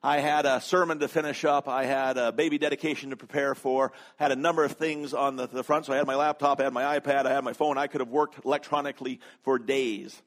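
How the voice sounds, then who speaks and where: A man's voice: medium pitch, steady tone, fast talker, few pauses, a bit bright. A man preaching a sermon, telling a story conversationally, with humor and frequent fillers. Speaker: pastor.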